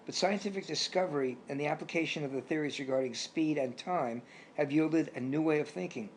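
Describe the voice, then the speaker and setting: A man's voice: fairly high pitch, a little fast, a little hiss or hum, close to an everyday voice. A man voicing an elderly male physics genius with a German accent, lecturing cheerfully in a storybook reading. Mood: explaining.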